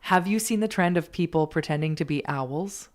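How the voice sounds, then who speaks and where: A woman co-hosting a casual studio chat show, playful and quick to laugh. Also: low-pitched. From Canada. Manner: giggly, playful, bursts into laughter. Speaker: co-host.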